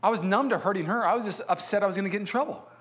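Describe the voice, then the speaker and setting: Male pastor, high voice, animated sermon storyteller in a church. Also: racing. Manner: animated storyteller who acts out quotes.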